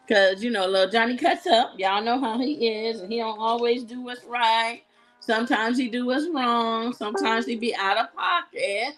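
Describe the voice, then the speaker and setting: A woman's voice: fairly high pitch, moderate pace, a bit bright, faint music behind. A woman hosting a live jewelry sale show, chatting casually and giggling as she talks to her viewers. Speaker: live shopping show host selling jewelry. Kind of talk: casual live-stream sales chat.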